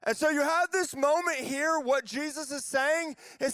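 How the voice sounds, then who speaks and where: A high-pitched man in his thirties preaches in a relaxed, conversational way, slipping into playful voices as he retells the story. The sound is dry and close, with no room echo around him. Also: measured pace, hardly any pauses. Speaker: pastor. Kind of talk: casual conversational sermon.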